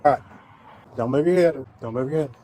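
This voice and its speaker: A man's voice: mid-range voice, brisk, warm tone. A male police officer at a roadside stop, firmly giving short, repeated commands. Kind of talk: real bodycam exchange. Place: roadside traffic stop at night. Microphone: bodycam on his chest. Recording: noisy roadside bodycam audio.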